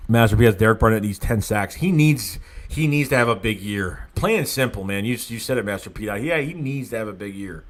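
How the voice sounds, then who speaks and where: A young man from the Philadelphia area hosting a casual livestream, reading fan comments aloud and reacting with excitable, rambling talk, often restarting his sentences and groaning at himself. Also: on the low side, fairly quick.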